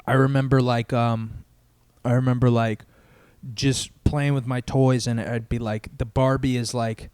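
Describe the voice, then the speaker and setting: A man's voice: medium pitch, level tone, measured pace, a little mellow, smooth, no room sound. A young man co-hosting a podcast, chatting in a laid-back way with lots of fillers. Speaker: podcast co-host. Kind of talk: casual comedic chat.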